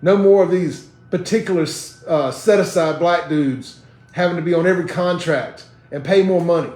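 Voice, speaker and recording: A man's voice: fairly high pitch, normal speed, darkish tone, reverberant. A man with a Mississippi Southern accent, hosting a live online talk show and ranting in a blunt, combative, defiant way. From Jackson, Mississippi, USA. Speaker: host of a live social media talk show.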